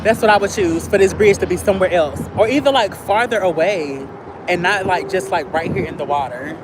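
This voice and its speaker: A trans woman who lives in her car, chatting in slangy storytelling on a phone livestream while she walks outdoors in a field near a highway. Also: a little fast. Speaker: vlogger living in a car. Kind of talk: casual livestream chat. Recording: loud outdoor traffic noise. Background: highway traffic.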